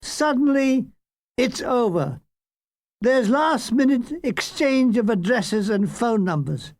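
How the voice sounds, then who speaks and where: A man's voice: very high voice, animated, slow pace, darkish tone, dry recording. An older man narrating his own war memoir as an audiobook, with dry, wry comic timing. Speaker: author reading his memoir.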